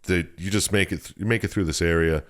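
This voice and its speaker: His low voice keeps fairly even intonation at a quick pace as he co-hosts a podcast. In relaxed chat about a video game, he retells the story loosely, cursing without restraint and laughing a lot.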